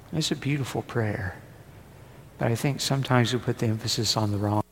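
A man preaching a sermon, pushing his voice up with force and then sinking into hushed, almost whispered passages. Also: mid-range voice, fairly quick. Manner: rises and presses hard, then drops to a hushed near-whisper. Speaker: pastor. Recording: long hall reverb, faint noise.

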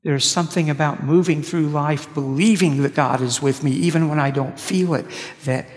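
A man pastor delivering a sermon, telling stories with halting restarts. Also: fairly high pitch, steady tone. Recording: long reverb of a large hall.

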